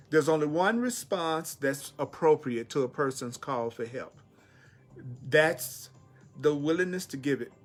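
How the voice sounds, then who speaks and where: A middle-aged man giving a spiritual teaching talk, repeating key phrases with emphasis. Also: on the high side. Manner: repetitive, emphatic, pleading voice for quotes.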